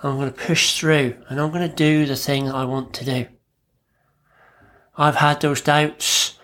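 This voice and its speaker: A man, a therapist, talking calmly and reflectively on his own podcast in short, measured phrases. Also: a little high. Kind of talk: solo podcast talk.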